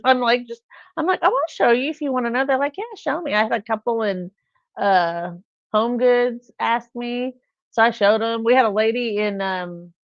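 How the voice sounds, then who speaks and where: Chatty woman host, rambling, dry lo-fi audio, kinda gravelly. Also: on the high side, no echo. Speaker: live stream host. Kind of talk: casual live chat. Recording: dull lo-fi sound.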